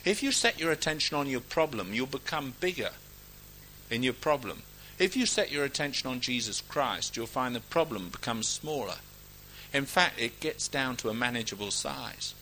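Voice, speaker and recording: A man preaching a sermon, emphatic and exhorting, swinging between loud declarations and quiet asides. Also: mid-range voice, expressive, a little hiss or hum, poor audio. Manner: reads scripture aloud in a ringing, measured cadence.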